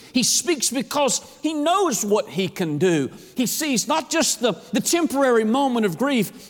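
A man preaching a sermon, impassioned, often repeating words and swinging between hushed and rising delivery. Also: high-pitched, long reverb tail.

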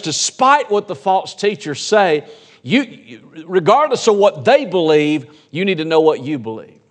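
Male pastor, high voice, emphatic sermon delivery with repetition. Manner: emphatic preaching with repeated phrases.

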